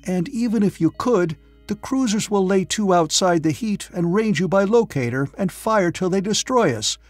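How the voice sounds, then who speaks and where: A man's voice: high voice, animated, moderate pace, no room sound, soft background music, pitched above the performer's own voice. A male narrator voicing a desperate man who pleads with the crew in a raised voice. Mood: pleading.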